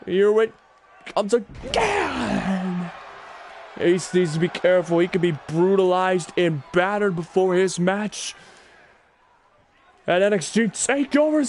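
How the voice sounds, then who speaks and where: A man doing excitable play-by-play commentary on a wrestling video game, often breaking into shouted exclamations. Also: sits high, slow, pauses often, a little hiss or hum. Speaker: gaming channel host.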